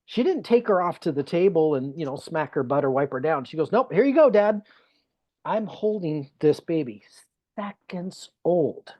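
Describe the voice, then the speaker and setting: A man's voice: a little high, animated, normal speed, darkish tone. Earnest man telling an emotional story. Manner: earnest, emotional, repeats phrases for emphasis. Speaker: guest speaker. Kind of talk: personal storytelling in conversation.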